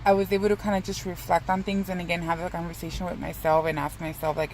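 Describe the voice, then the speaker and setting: A woman's voice: lowish voice, level tone, fast talker, a little mellow, a little hiss or hum, poor audio. A young woman in a casual, rambling vlog who swears freely and pokes fun at herself. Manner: rambling, profane, self-mocking.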